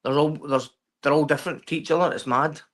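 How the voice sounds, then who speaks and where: A man speaking as a podcast guest in casual chat. His talk is halting and keen, with a "mate" in nearly every phrase. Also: fairly high pitch, fairly even intonation, a bit bright. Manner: says "mate" constantly, halting and enthusiastic. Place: remote podcast stream.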